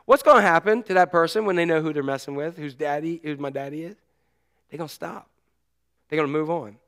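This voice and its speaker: Man, middle-aged, pastor, sermon, high voice, smooth resonant tone, animated storytelling. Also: fairly quick. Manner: animated storytelling, shouting out quoted cries.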